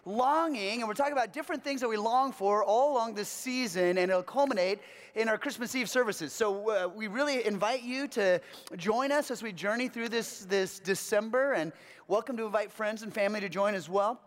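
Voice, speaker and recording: A man's voice: high-pitched, brisk. A male pastor, out of breath and laughing, opening a sermon in a friendly, conversational way. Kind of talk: sermon introduction. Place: church sanctuary. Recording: long reverb of a church hall.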